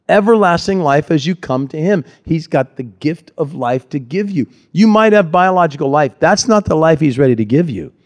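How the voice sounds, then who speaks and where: A man preaching a sermon, animated, acting out the voices in the scripture he reads. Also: a little high. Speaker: pastor.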